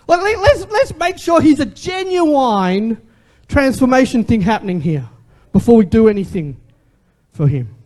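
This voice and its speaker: A man's voice: very high-pitched, sing-song, a little slow, a little mellow. A man, preaching a sermon as a pastor in a conversational way and asking the congregation questions.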